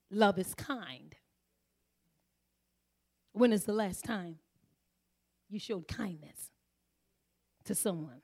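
A woman's voice: mid-range voice, animated, takes it slowly, pauses often, a little mellow, breathy edge. A middle-aged woman giving a sermon full of personal stories, laughing often and acting out the voices in her quotes. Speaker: church speaker.

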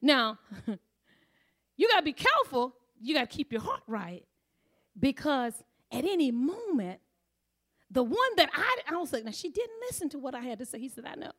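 Middle-aged woman preaching, tells stories and laughs a lot, voice jumps all over, kinda high. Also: normal speed. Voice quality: animated storytelling, laughs often, acts out voices in quotes. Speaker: church speaker. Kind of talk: sermon with personal stories.

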